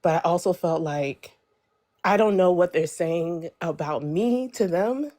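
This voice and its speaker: A woman's voice: lowish voice, a little slow. A young woman telling a personal story on a live stream in a casual, chatty way, full of fillers and quoted dialogue. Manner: chatty, lots of fillers, animated when quoting others.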